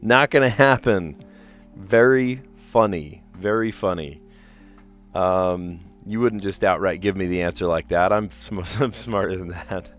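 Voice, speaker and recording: A man's voice: low-pitched, measured pace, faint music behind. A man chatting casually on a live stream while he plays word puzzles, rambling and laughing often. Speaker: teacher.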